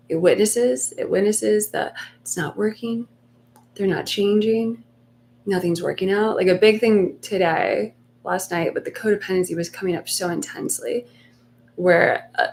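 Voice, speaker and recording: Soft-spoken woman coaching a meditation. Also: mid-range voice, vocal fry, slight background noise. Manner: soft, unhurried, reassuring, often dropping to a near whisper. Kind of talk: live-streamed guided meditation talk.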